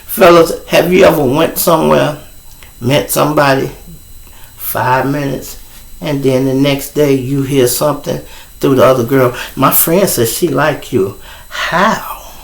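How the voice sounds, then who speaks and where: A middle-aged man with a Chicago accent, hosting his show and telling a profane, animated story in a casual way. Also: medium pitch, unhurried, gravelly. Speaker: show host. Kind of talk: storytelling on a livestream.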